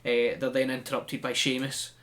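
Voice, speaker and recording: A man's voice: mid-range voice, moderate pace. Chatty man recapping wrestling. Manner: chatty, animated storytelling with laughs. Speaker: podcast host. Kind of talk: casual chat.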